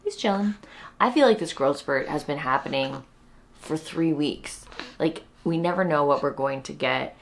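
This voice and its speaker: A sleep-deprived young woman talks at home in a casual, wry vlog tone, her voice low and gravelly. Now and then she drops to a hush. A faint hiss sits under the recording. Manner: tired, wry, chatty, drops to a whisper near the baby. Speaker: comedian and new mom vlogging. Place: home, indoors.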